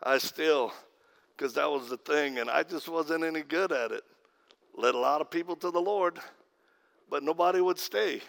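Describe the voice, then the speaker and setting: Preacher, male, fairly high gravelly voice, deadpan comic storytelling. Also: normal speed. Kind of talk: humorous sermon storytelling.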